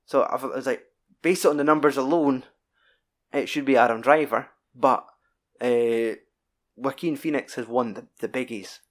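A man in casual podcast chat, rambling and sweary. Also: mid-range voice. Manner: sweary, rambling, quick bursts.

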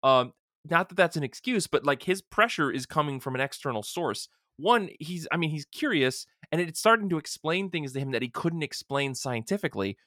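A man's voice: fairly high pitch, moderate pace, no room sound, studio quality. A man co-hosting a podcast, talking casually and animatedly as he recaps a TV episode and acts out bits of dialogue. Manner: animated, retells scenes with quoted voices. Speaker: podcast co-host.

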